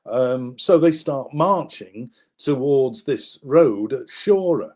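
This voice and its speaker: Using maps to illustrate, a guest author recounts a story from wartime in a lively way, impersonating the figures involved. He speaks slowly in a mid-range voice with few pauses, often restarting and filling gaps with filler words.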